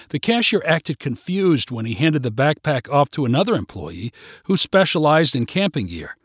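Guy reading a short story, slightly high voice, dry close sound. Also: sing-song, moderate pace, fairly bright tone, husky, no room sound. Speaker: narrator. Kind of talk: scripted story narration.

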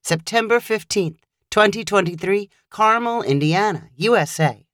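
A woman narrating a short story in a wry, expressive storytelling manner. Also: mid-range voice, moderate pace, dry recording, clean studio sound.

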